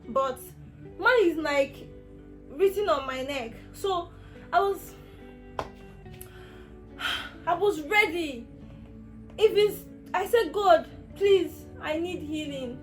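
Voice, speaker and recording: High-voiced Nigerian woman telling her story. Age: young adult. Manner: emotional, rambling storytelling with many restarts. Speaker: vlogger. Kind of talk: personal health story told to camera.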